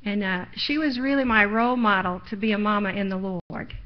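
A woman's voice: medium pitch, fairly quick. A middle-aged woman preaching a sermon in a church, folksy and personal, sharing her own testimony and pressing points with rising force. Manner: folksy, personal testimony, building to louder emphasis. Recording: lo-fi live stream audio.

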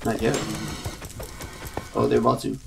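A young adult in their twenties hosting a casual gameplay chat, excitable and quick to yelp when startled. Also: mid-range voice, vocal fry, over music. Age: 20s. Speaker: gaming channel host. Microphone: computer mic with clicking keys.

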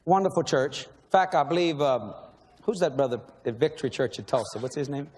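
A middle-aged man, telling a story in a sermon with animated energy, laughing and shouting at the peaks. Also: medium pitch, fairly quick. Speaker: preacher. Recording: long reverb in a large hall, faint noise.

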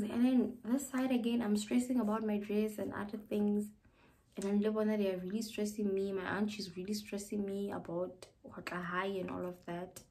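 A woman's voice: mid-range voice, little pitch movement, normal speed, mellow, poor audio. A young South African woman with a South African accent, telling a personal story in a casual vlog, emotional and mixing English with Sesotho. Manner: emotional, mixing English with Sesotho, drops often to a near whisper. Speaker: YouTuber.

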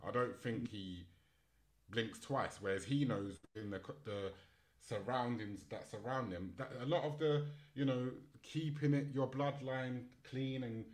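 A man's voice: medium pitch, measured pace, darkish tone. A man hosting a casual panel podcast, reading news items aloud and breaking off into chatty commentary with fillers. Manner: reads articles aloud, then breaks off into chatty asides with fillers. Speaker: podcast host and moderator.

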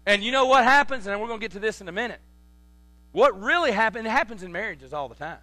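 A pastor preaching a sermon, animated, with repeated words and sudden loud emphasis, telling folksy family stories. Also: male voice, sits high, quick pace, no room sound. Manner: tells folksy family anecdotes. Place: church sanctuary.

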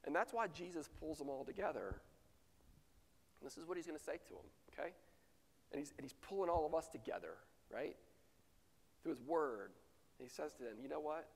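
A man preaching a sermon as pastor, swinging from loud rhetorical questions to near-whispered lines. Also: fairly high pitch, expressive, brisk, vocal fry, pauses often, breathy edge. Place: church sanctuary. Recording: long reverb of a church sanctuary.

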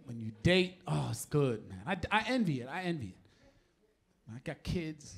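A middle-aged man with a New York accent doing a profane stand-up set on a live stage, often shouting his punchlines and laughing through the bits. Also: a little high, very animated, moderate pace, creaky, slightly rough. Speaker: stand-up comedian. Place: live comedy stage before an audience.

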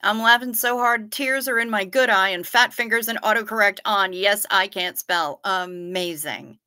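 A woman's voice: mid-range voice, moderate pace, bright, forceful tone. A woman hosting a livestream, chatting casually and gushing over viewer photos and comments. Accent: Midwestern American. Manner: gushing, playful, laid-back. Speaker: livestream host.

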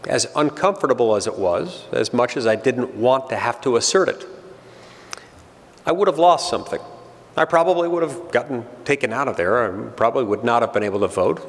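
Middle-aged male speaker, gravelly, dry self-deprecating humor, reverberant hall. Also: medium pitch. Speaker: senator giving a speech. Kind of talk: humorous public speech.

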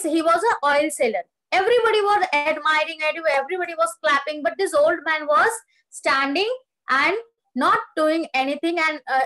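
A woman's voice: high voice, fairly bright tone, poor audio. A woman teaching a lesson, retelling a story line by line, asking questions and explaining the meaning of words. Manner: explains words and asks questions, rereads quoted lines.

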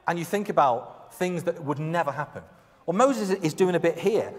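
A man preaches, talking to his congregation in a conversational way and throwing himself into acted-out quotes. His voice sits a little high for a man. The sound rings with the long reverb of a church hall. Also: very animated, normal speed. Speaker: pastor. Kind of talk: sermon.

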